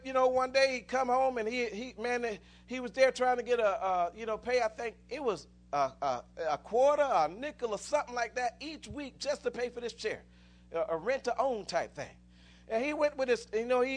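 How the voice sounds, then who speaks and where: A man's voice: extremely high pitch, brisk. A man preaching a sermon, telling stories with many restarts and rising into fervent exclamations.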